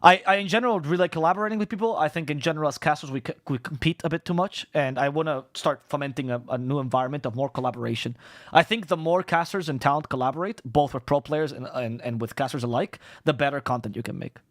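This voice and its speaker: A Spanish esports caster and streamer, a native Spanish speaker, races through casual stream chat, stumbling, restarting words, and swearing freely. His voice is a bit high for a man and sounds dry and close, with no echo.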